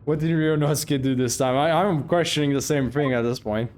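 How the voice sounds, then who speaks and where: A man streaming a game playthrough, reacting with profane, excitable commentary. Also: on the high side, fairly quick, a little hiss or hum.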